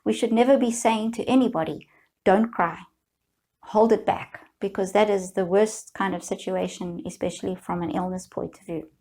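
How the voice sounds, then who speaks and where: Woman, middle-aged, healing coach, soothing guided talk, gentle encouragement. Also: mid-range voice, fairly even intonation, moderate pace. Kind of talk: guided self-help talk.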